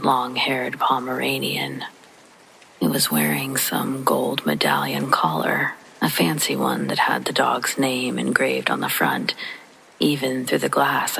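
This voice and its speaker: A narrator telling a scary story in a hushed, half-whispered voice made for falling asleep to. The tone is bright and edged with a gravelly fry. Faint rain patters behind the voice. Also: medium pitch, a little hiss or hum, poor audio.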